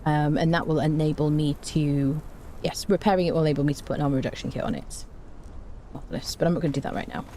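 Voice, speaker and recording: Playing on a live stream, a woman talks easily with her audience, responding to chat messages and filling gaps with aimless humming. Her voice is mellow and low yet highly animated in pitch, and the recording carries a slight hiss.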